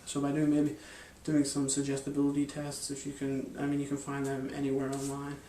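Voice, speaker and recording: This magic and hypnosis instructor speaks in a mellow, monotone, medium-pitched voice at a slightly quick pace. His loose, rambling explanation of a mind-reading card technique is full of fillers and restarts, captured on a distant mic in an echoey room with slight background noise.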